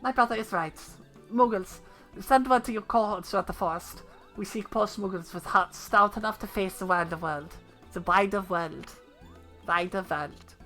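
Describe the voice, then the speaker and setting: A woman voicing a calm, regal leader of a forest realm, reading game dialogue in a soft, measured, formal way. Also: medium pitch, soft background music, lightly acted. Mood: gentle.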